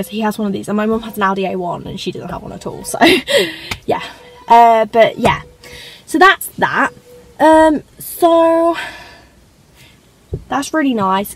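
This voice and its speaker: A woman's voice: medium pitch, husky, poor audio. A teenage woman, chatting and rambling casually through a car tour vlog from inside her parked car. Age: teens. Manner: rambling, chatty, self-conscious asides. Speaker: vlogger.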